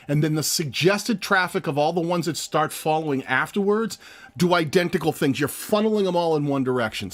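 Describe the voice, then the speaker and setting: A man co-hosting a live stream, explaining in a casual, animated way as he clicks through screens. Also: high-pitched. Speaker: co-host of a channel review live stream.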